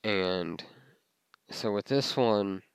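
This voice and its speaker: A man's voice: on the low side, extremely slow, clean tone, no echo. A young man telling a personal story in a casual, rambling way, with many fillers and restarts.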